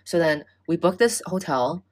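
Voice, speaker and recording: A young woman in casual chat, telling a story in an animated way, swearing and acting out the people in it. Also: lowish voice, normal speed. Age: young adult. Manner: animated, swearing, acts out quoted exchanges.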